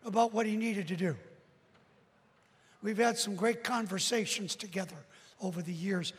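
A man preaching a sermon as a dramatic storyteller who breaks into sudden shouts. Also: sits high, moderate pace, pauses often, slightly rough, in a large hall.

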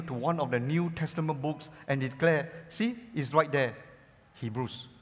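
Man preaching in a reverberant hall. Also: on the high side. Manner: addresses the congregation as "church", with many "you know" fillers; swings between loud emphatic lines and quiet asides. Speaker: pastor. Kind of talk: sermon.

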